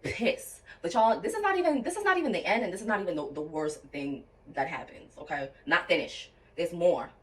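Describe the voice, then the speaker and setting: A young woman telling a personal story to her viewers in a casual, animated way, addressing them as y'all and acting out what people said. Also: fairly low pitch, a little fast, few pauses, recorded from a distance, rough recording. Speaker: storytime vlogger.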